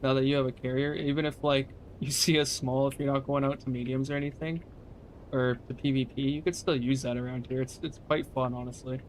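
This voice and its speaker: A man's voice: medium pitch, flat delivery, fairly quick, slight background noise. A young man casually chatting to his viewers during a live game stream, loose and profane, answering chat questions. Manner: laid-back, swears casually, talks to chat.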